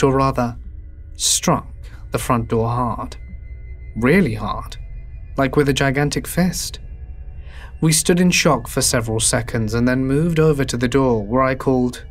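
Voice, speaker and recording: Hushed male horror narrator. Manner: low, hushed and drawn-out delivery.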